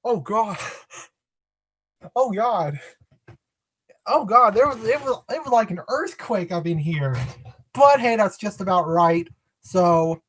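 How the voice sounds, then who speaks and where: A woman casually chatting on a live stream, rambling, correcting herself, and greeting viewers by name. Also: mid-range voice.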